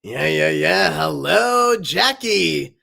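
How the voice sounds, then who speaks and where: Sarcastic knife guy, dry and smug, bit gravelly, lady voicing him. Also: deep voice, expressive, takes it slowly, bright, forceful tone, full character voice. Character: smug sarcastic male knife cartoon object.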